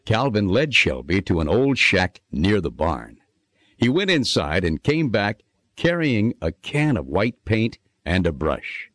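A man narrating a children's storybook in an expressive, sing-song reading manner. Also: lowish voice, measured pace, no room sound.

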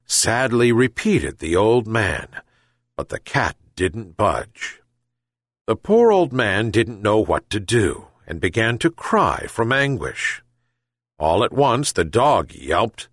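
A man's voice: lowish voice, dry recording, studio quality. A man reading a folk tale aloud as scripted storybook narration. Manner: slow, very lively reading. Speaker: audiobook reader.

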